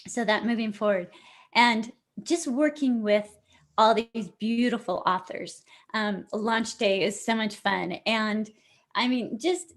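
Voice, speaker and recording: A middle-aged woman speaking as a guest author in an online interview. Her voice sits a little higher than most. She talks in an earnest, open-hearted way and grows emotional at times. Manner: earnest, effusive, tearful at moments.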